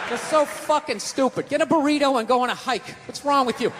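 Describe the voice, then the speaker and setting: A man from the US East Coast doing a profane, ranting stand-up routine, shouting his punchlines. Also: very high voice, brisk, few pauses, a crowd in the background. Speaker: stand-up comedian. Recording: reverberant hall with steady noise.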